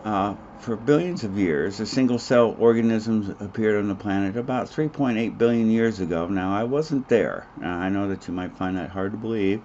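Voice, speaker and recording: Deep-voiced man giving a rambling biology lecture. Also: normal speed, hardly any pauses, darkish tone. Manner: digressive, joking asides, many fillers. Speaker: biology instructor. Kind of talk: recorded online lecture. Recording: dull muffled audio with faint hiss.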